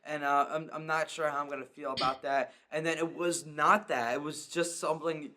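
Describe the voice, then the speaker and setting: Excitable young man rambling about a movie. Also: on the high side, moderate pace. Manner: excitable, rambling, acts out scenes. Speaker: podcast co-host. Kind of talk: casual movie review chat.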